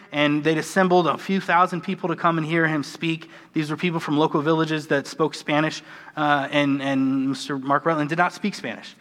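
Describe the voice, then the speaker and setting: A man's voice: on the high side, pushed and bright. An American man preaching a conversational, earnest sermon, with a self-deprecating manner. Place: church sanctuary. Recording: church hall with long reverb.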